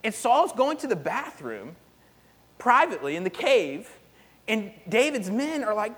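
A male pastor preaching in a lively, casual storytelling style, dropping in "like" as he goes. His voice sits a little high for a man. A long hall reverb trails behind every phrase. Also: unhurried. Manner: animated storytelling, casual with frequent "like". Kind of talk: sermon.

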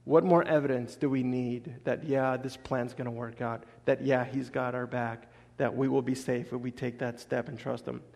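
A man preaching a casual sermon as a pastor, animated, acting out voices and laughing often. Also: mid-range voice, moderate pace, vocal fry, hardly any pauses. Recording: long echo of a large hall.

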